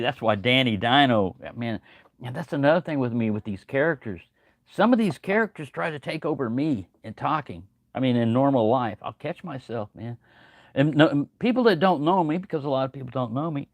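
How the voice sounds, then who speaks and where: Speaking in a mid-range voice, this older livestream host is animated and fairly quick as he chats casually from home in the early morning. He's folksy, greets viewers by name, and there's no echo.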